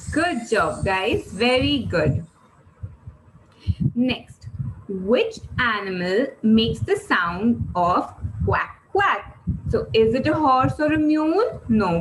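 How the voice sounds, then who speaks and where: Woman, kids' teacher, high voice, slow deliberate pace, sing-song questions, faint background noise. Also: low-quality recording. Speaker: online class teacher.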